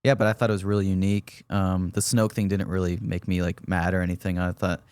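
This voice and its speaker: A man's voice: deep voice, flat delivery, quick pace, darkish tone, clear, resonant tone, no room sound. A man co-hosting a casual podcast, easygoing and agreeable. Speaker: podcast co-host. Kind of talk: casual chat.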